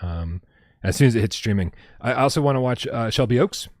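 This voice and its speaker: A man's voice: mid-range voice, lively intonation, brisk, darkish tone, no echo, clean studio sound. A man hosting a casual gaming livestream, reading viewer comments, laughing and swearing freely and often stumbling over his words. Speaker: podcast host.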